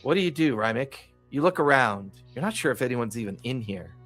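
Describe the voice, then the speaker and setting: A man narrating as the game master of a tabletop game, telling the story in a calm and measured way over an online call. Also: medium pitch, faint music behind.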